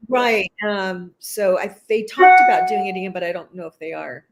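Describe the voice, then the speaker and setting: A chatty woman telling lively stories in a relaxed interview, her voice pitched right in the middle of the usual range. She talks like an actress reminiscing, quick to laugh between anecdotes. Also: loud music behind the voice. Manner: chatty, animated storyteller who laughs often. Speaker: actress guest. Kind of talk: casual interview chat.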